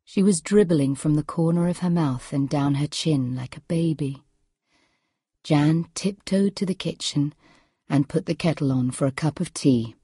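A woman narrates a story in a measured, quiet way. Her voice is low, mellow and very husky. The recording is close and dry. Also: dry recording. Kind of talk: storybook reading.

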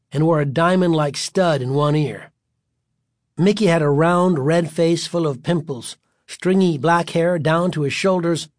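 Male storybook narrator, slightly high voice, dry close sound. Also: darkish tone, no room sound.

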